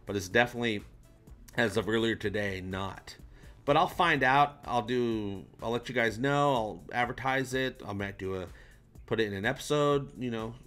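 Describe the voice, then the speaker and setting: A man's voice: medium pitch, moderate pace, a bit bright, soft background music. A man hosting a livestream, chatting loosely and reading out viewer comments, with casual swearing. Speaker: livestream host.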